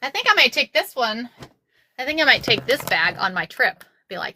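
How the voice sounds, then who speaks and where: A bright, forceful-sounding woman in middle age talks straight to her livestream viewers as she sews. Her voice sits fairly high. She is excitable and chatty and says everything twice. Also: normal speed, breathy edge. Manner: excitable, repeats herself, says y'all often. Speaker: craft livestream host. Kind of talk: casual livestream chat while sewing.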